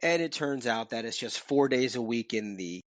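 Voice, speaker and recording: A man co-hosting a podcast from his home office, talking in an animated, casual way with repeats and swearing. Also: medium pitch, moderate pace, no echo. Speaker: podcast co-host. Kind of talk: casual chat.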